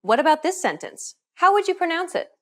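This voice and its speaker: A woman narrating a scripted pronunciation lesson in a clear, instructive manner. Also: very high-pitched, big pitch swings, a little fast, fairly bright tone. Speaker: language teacher.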